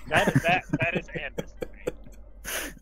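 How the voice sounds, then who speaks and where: Heard through dull, lo-fi voice chat audio, a podcast guest from the Carolinas speaks unhurriedly in a steady, higher-leaning voice with a mild Southern accent. He meanders through exasperated anecdotes in casual chat, laughing frequently.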